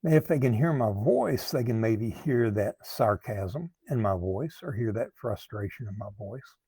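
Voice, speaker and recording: Slow gravelly man, earnest coach. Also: medium pitch, animated, dark tone, no echo. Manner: slow, earnest, repeats words while thinking. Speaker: recovery coach. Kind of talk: talking to camera, advice monologue.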